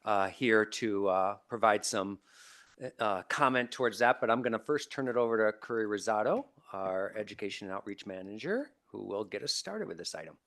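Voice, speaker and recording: A man's voice: lowish voice, expressive, normal speed, fairly bright tone. A man, a department staff lead, briefs a city board politely, with many hesitation fillers. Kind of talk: meeting briefing. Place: city board meeting room.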